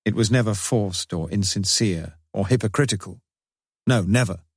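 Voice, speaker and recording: A man's voice: on the low side, normal speed, no echo, studio quality. A man reading a grieving father's confessional diary in a solemn, despairing, theatrical way.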